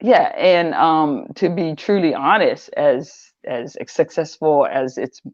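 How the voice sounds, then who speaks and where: A woman's voice: low-pitched, takes it slowly, no room sound, highs cut off. An older woman, a guest in an interview, telling her story in a loose, rambling way, repeating words as she goes. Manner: rambling, repeats words, animated when quoting others. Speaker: interview guest, online seller.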